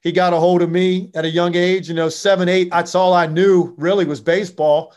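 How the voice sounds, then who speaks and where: A man's voice: high voice, a little fast. A man from Virginia, a former basketball player, telling stories in a casual interview with lots of fillers. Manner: animated, with frequent fillers.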